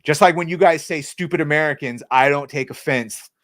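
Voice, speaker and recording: A man's voice: on the high side, fairly quick, a bit bright, dry recording, clean studio sound. A man co-hosting a casual podcast chat, ranting sarcastically and swearing freely. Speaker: co-host.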